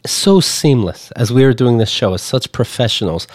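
A man's voice: mid-range voice, moderate pace, no room sound, studio quality. A man co-hosting a comedy podcast, joking around and loosely reading an ad. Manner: joking, animated, reads ad copy loosely. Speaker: podcast co-host. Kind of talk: casual comedic chat.

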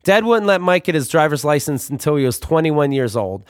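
A young man telling comic stories about his youth in a wry, deadpan manner. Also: fairly high pitch, a little fast, no echo, studio quality. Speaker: storyteller. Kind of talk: comic storytelling.

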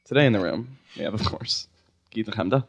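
A man from Oklahoma hosting a comedy podcast, joking deadpan and laughing at his own lines. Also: fairly low pitch, brisk, breathy edge. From Oklahoma, USA. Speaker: podcast host. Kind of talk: casual comedic podcast chat.

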